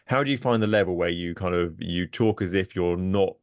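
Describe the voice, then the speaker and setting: A man's voice: low voice, brisk, no room sound, clean studio sound. A man hosting an interview, asking rambling, self-deprecating questions and laughing easily. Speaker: podcast host. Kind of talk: casual interview chat.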